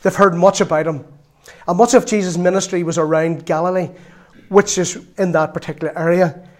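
A man's voice: high-pitched, fairly even intonation, brisk. A man preaching a sermon in a chatty storytelling way, with laughs and asides.

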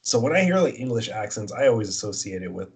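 A man's voice: on the low side, very animated, fast, darkish tone, breathy edge. A young man telling crude stories in casual chat as a podcast co-host, laughing often.

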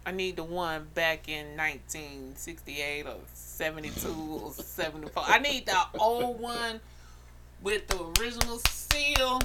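A woman's voice: lowish voice, unhurried, bright, forceful tone. A woman co-hosting a radio talk show, blunt and joking in casual slang.

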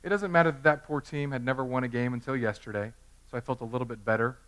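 Guy in his 30s preaching, chatty and self-mocking, mid pitch voice. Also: quick pace. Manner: animated, self-deprecating, conversational. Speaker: pastor. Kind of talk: sermon with personal storytelling.

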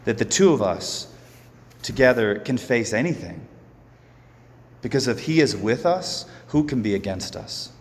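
A man who is a Catholic priest giving a sermon, earnest and slow, often repeating words as he goes. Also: mid-range voice, sing-song, in a large hall.

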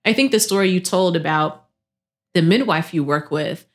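A woman in her thirties co-hosting a podcast, chatting casually and acting out quotes with big jumps in pitch. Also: normal speed. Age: 30s. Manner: animated storyteller, acts out quotes with pitch jumps. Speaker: podcast co-host. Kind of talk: casual chat.

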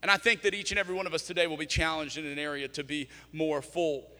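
A man's voice: fairly high pitch, flat delivery, quick pace, sharp tone. A pastor in his thirties preaching a sermon in a conversational, storytelling way, acting out both sides of the conversations he recalls. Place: church sanctuary. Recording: long church-hall reverb.

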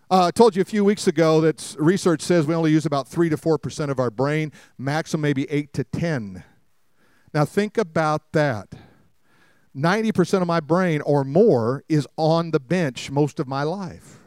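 A man's voice: sits high, lively intonation, moderate pace, darkish tone, no echo, clean studio sound. A man preaching a sermon, telling funny personal stories and asking the congregation rhetorical questions. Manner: humorous storytelling, many rhetorical questions to the congregation. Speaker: pastor.

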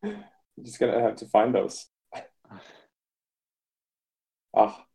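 Guy cohosting a hobby podcast, kinda dark mellow voice, laughs a lot and swears. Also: lowish voice, sing-song, slow pace, vocal fry. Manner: laughs often, jokey, swears casually. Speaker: podcast co-host. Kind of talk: casual hobby podcast chat.

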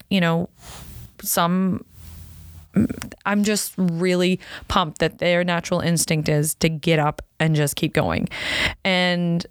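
A woman in her thirties, a racer's wife and mother, telling a personal story in casual chat, with lots of fillers and her voice leaping up when excited. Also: no room sound, studio quality. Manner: chatty, many fillers, pitch jumps up when excited.

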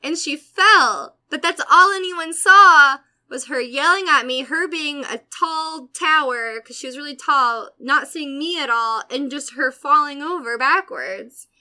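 A young woman from Atlanta telling a casual story with animated quoted voices and frequent laughter. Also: sits high, unhurried, few pauses. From Atlanta, USA. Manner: animated, laughs often, acts out quotes loudly.

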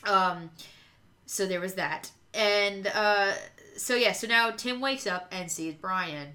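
Bright-voiced woman chatting casually. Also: mid-range voice, slow pace. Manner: chatty, rambling, acts out quotes. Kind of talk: casual chat.

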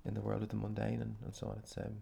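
Fast-talking man with a gravelly low voice. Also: completely flat delivery, warm tone. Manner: thoughtful, talks quickly with hesitations. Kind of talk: academic conversation.

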